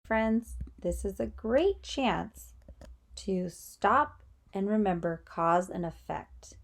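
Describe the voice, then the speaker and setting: Encouraging teacher guiding young readers, slow and lively, fairly high voice. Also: female voice. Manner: encouraging, asks children questions. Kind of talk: read-aloud reading lesson.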